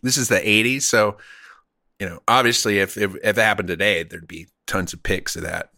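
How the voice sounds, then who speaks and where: A man's voice: lowish voice, fairly even intonation, normal speed, creaky, bright, forceful tone. A middle-aged man casually telling a crude, rambling anecdote with frequent laughs. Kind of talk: casual storytelling.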